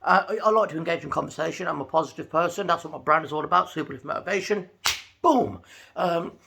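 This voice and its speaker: A man telling a chatty, animated story to camera from his home. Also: on the high side, quick pace, vocal fry, background noise. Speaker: vlogger. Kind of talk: casual talking-to-camera vlog.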